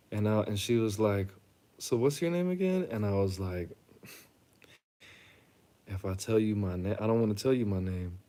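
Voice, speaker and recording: A young Chicago man hosts a reaction channel, speaking casually and bluntly to the camera as he jokes and tells stories in slang. His voice is lowish with a warm tone.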